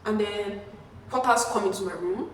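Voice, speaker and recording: A young woman telling a storytime vlog, animated and acting out the people she quotes. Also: moderate pace. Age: young adult. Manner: animated, acting out quotes with sudden pitch jumps. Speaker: vlogger. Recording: echoey room, far from mic, faint hiss.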